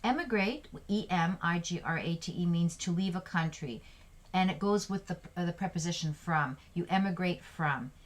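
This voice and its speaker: Woman teaching English vocabulary, low-pitched. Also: normal speed. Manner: spells out words letter by letter, explains with example sentences. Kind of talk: vocabulary lesson.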